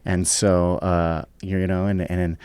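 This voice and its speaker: A man's voice: low-pitched, flat delivery, unhurried, a little mellow, clean tone, no echo. A young man chatting casually on a podcast, rambling with lots of fillers and swearing. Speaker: guest, pro fighter.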